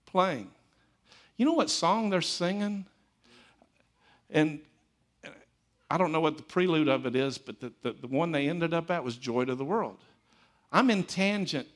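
Male pastor, slightly raised pitch, sermon delivery that climbs to emphatic peaks and drops to soft asides, storyteller who repeats for effect. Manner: swings between loud emphatic lines and quiet asides.

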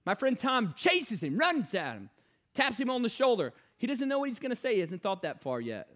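High-voiced man preaching a sermon. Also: wildly swooping pitch, a little fast. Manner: swings from hushed storytelling to loud exhortation.

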